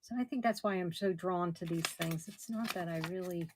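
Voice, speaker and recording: A middle-aged woman running a casual live auction, chatty and somewhat hoarse as she loses her voice. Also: on the low side, fairly quick, background noise. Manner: chatty, describes items warmly with soft laughs. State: losing her voice. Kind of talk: casual live-stream selling.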